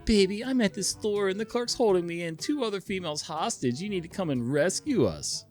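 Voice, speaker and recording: Raised, whiny entitled woman mid-tantrum, demanding and shrill, as a male narrator puts her on. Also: animated, brisk, a little mellow, soft background music. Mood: pitiful whine.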